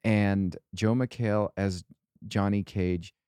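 A man's voice: on the low side, fairly even intonation, slow, a little mellow, smooth, no room sound, clean studio sound. A man co-hosting a comedy podcast, gushing with loose filler-heavy talk. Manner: enthusiastic, uses filler "like" a lot. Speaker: podcast co-host. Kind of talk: casual comedy chat.

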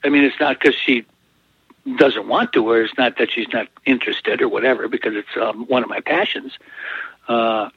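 A man with a husky, slightly raised voice trades corny jokes in a relaxed chat show. He often chuckles at his own punchlines. The sound is dull and lo-fi, with a dry, close feel. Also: medium pitch, normal speed, no room sound. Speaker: podcast co-host telling jokes. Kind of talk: casual chat.

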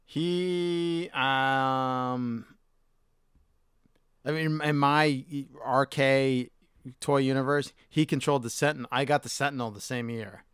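A man's voice: medium pitch, fairly even intonation, slow, a bit bright, clean tone, no room sound, clean studio sound. A man co-hosting a casual podcast chat, swearing casually and losing his voice. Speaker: podcast co-host.

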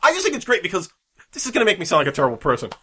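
A man's voice: high voice, rapid-fire, breathy edge. A man co-hosting a podcast, recapping a movie in casual chat, joking and acting out lines in silly voices. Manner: animated, jokey, acts out quotes in voices. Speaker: podcast co-host.

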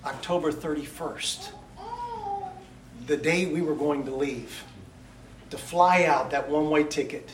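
A middle-aged man, a missionary preacher, delivering a sermon in emphatic rhythmic lists that swing from loud to hushed. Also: a little high, unhurried, long pauses, reverberant, slight background noise.

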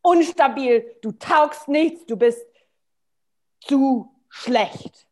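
A woman with a German native tongue voicing a stern, rule-making inner critic in clipped, loud commands. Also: high-pitched, very slow. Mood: scolding.

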